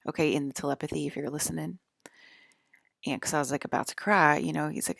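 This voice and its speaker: Low, gravelly-voiced woman rambling. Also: steady tone, fast, fairly bright tone, dry recording, studio quality. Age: 40s. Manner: rambling, filler-heavy, keeps asking "okay?". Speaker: channel host. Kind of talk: casual rambling monologue.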